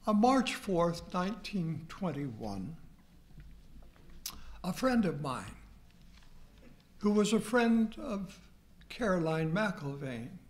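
Older male history professor, unhurried storyteller, slightly high voice. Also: very animated. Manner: slow, deliberate storytelling with quoted dialogue. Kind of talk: storytelling lecture.

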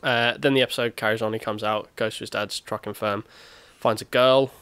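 A man co-hosting a podcast, retelling a TV episode in casual chat with rambling filler pauses. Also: fairly low pitch, steady tone, fairly bright tone, clean tone, no room sound. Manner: rambling recap with filler pauses and brief character voices. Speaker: podcast co-host.

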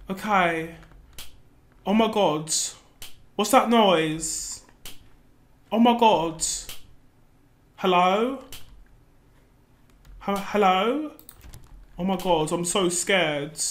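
Woman playing a jumpy clueless noob gamer. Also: high voice. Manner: gasping, easily startled, exclaiming. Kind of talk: comedic gameplay skit.

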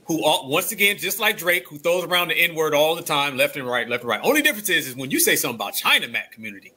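A man hosting a casual panel talk show, speaking in an animated way and addressing the audience directly. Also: a little high, quick pace, slightly rough. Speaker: host.

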